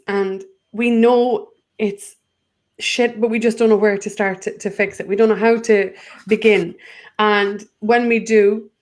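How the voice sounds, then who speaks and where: A woman, a guest in a spiritual conversation, talking in an earnest, rambling way with many restarts. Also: medium pitch.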